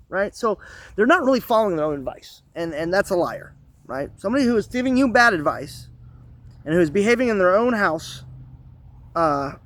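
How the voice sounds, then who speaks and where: A man's voice: sits high, fairly bright tone. A man hosting his own channel, delivering a profane, emphatic solo rant from the United States. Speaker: channel host.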